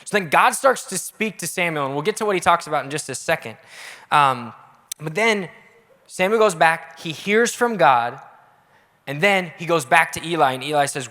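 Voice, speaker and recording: Upbeat young youth pastor in a hall. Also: male voice, on the high side, moderate pace. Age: young adult. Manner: energetic, casual, audience-engaging. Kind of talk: youth sermon. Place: church auditorium. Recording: echoey hall.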